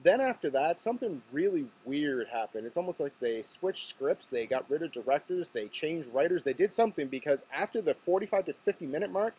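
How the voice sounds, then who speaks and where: Talking to camera, a Nova Scotian man hosts his vlog with chatty, joking storytelling. His pitch is fairly high, his tone dark and slightly rough.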